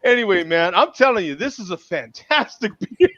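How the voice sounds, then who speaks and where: A man hosting a casual video-call beer chat, jokey and laughing often, with halting restarts. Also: high voice, sing-song, a bit bright, no echo. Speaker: host. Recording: muffled lo-fi call audio.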